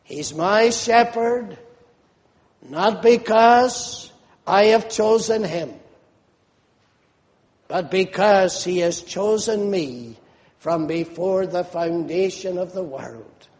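A man preaching a sermon in a measured, emphatic way, repeating phrases for stress. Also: high-pitched. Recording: long reverb of a large hall.

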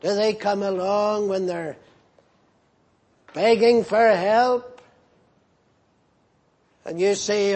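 A man's voice: sits high, steady tone, drawn-out words, pauses often, darkish tone. A man pastor preaching an earnest, rebuking sermon with emphatic repetition.

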